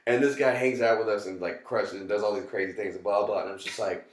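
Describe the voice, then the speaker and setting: A man's voice: on the low side, steady tone, fast. A young man hosting a podcast, tipsy, rambling and laughing, swearing and calling his guest "bro". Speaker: podcast host. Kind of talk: casual drunk chat. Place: small apartment. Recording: echoey apartment room.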